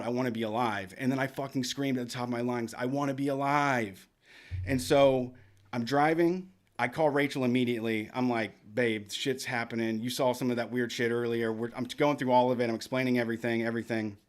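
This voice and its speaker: A man's voice: medium pitch, fairly bright tone. A man hosting a radio show, telling a long story in a rambling, profane, casual way. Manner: profane, rambling, with lots of restarts. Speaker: podcast host.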